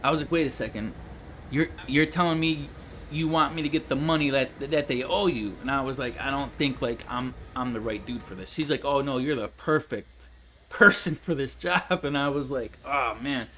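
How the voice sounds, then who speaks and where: A man's voice: mid-range voice, normal speed, a bit bright, a little hiss or hum, rough recording. Rambling, laughing man telling stories. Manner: rambling, laughs a lot, says dude and man. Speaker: gaming streamer. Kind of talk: casual storytelling while gaming.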